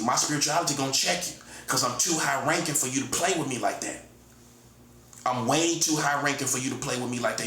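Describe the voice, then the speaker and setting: A combative man in his forties lecturing straight at the listener, circling back to the same points and tossing in "buddy" over and over. His voice sits a little higher than most men's. It rings in a roomy space over faint background ambience. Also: bright, forceful tone, a little hiss or hum. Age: 40s. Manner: repetitive, combative, keeps calling the listener "buddy". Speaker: self-styled prophet giving a monologue. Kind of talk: confrontational spoken monologue.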